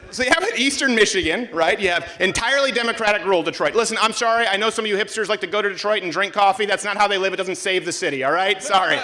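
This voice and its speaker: A man's voice: sits high, sharp tone. A man hosting a live show, riffing to a crowd in a brash, mocking, jokey way. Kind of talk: comedic political stand-up to a crowd. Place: live event before a student audience.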